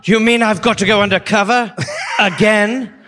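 A man's voice: sits high, fairly even intonation, normal speed, background noise, voice pushed up, natural voice. A male comedian playing a chatty, boastful English army deserter who pretends to be from Kentucky, in a put-on English accent. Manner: chatty, boastful, mock-posh. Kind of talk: improvised comic bit on a live podcast.

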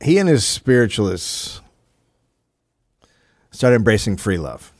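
Guy telling a story on a comedy podcast, lively pitch, dry room. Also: takes it slowly, no echo. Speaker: podcast host. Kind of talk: comic storytelling.

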